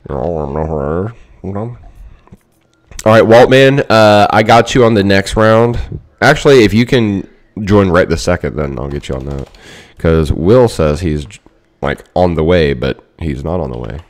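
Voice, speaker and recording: A man's voice: deep voice, animated, moderate pace. A man hosting a casual gaming stream, joking and bantering with viewers and teammates. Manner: joking, bantering, playfully bossy. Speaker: streamer host.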